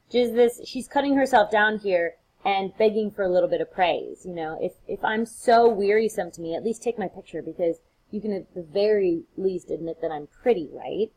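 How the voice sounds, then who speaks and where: A woman's voice: mid-range voice, moderate pace, darkish tone, slightly rough, low-quality recording. Female lecturer, easygoing, retells each scene in everyday words with playful asides. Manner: casual, retells scenes with playful acted quotes. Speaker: literature lecturer. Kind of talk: recorded lecture.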